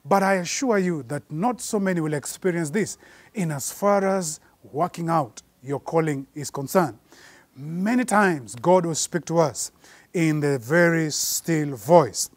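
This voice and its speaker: A man preaching a sermon, slowing down and rising in force to repeat his points. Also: fairly high pitch, no echo. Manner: measured preaching, slows and rises for emphasis.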